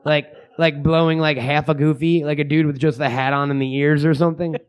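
A man's voice: on the high side, level tone, fairly quick, clean tone. A man co-hosting a podcast, crude and rambling as he riffs on absurd ideas. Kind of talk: crude casual banter.

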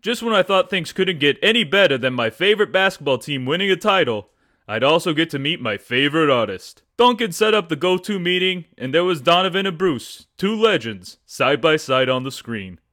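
A man's voice: a little high, animated, normal speed, pushed and bright. Man reading a story in a put-on New Jersey accent. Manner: dramatic storytelling reader. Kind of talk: reading a comic story aloud.

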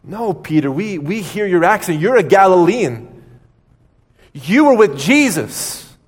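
A man's voice: on the high side, lively intonation, slow pace, darkish tone, breathy edge, long reverb tail, voice pushed up, full character voice. A man preaching acts out a young servant girl who insists she recognizes someone, speaking in a raised voice. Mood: insistent. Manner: insistent, pointing him out.

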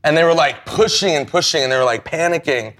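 A man's voice: fairly high pitch, fast talker, fairly bright tone. Self-mocking man telling a drunk story. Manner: self-mocking, profane, plays out his inner voices. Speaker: comedian guest. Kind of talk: casual storytelling chat.

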